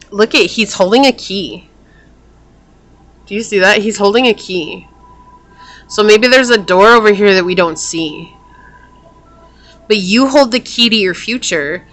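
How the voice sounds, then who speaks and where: A woman's voice: mid-range voice, fairly bright tone. A woman giving a casual tarot reading to her viewers, chatty and full of fillers and restarts. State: hiccups. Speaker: tarot reader.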